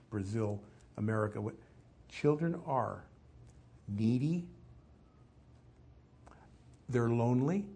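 A man preaching a sermon, reading scripture aloud and asking the listeners questions, swinging from loud emphasis to hushed asides. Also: mid-range voice, breathy edge. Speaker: pastor.

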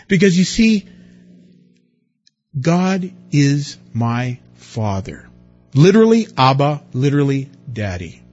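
A man preaching a sermon, lively and dramatic, acting out the people he quotes with big swings in his voice. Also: mid-range voice, slow, pauses often, muffled recording, soft background music. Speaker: pastor.

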